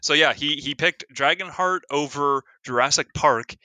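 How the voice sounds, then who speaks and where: Bright, dry-voiced young-sounding man chatting. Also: on the high side, normal speed, no room sound. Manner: rambling, filler-heavy, lots of "like". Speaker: podcast co-host. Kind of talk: casual chat.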